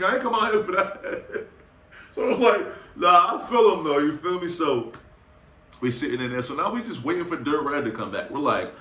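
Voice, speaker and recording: A young man telling a casual storytime anecdote in slangy, profane talk, acting out quotes with lively energy. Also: on the high side, normal speed. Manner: animated, slangy, acts out quotes. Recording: roomy echo.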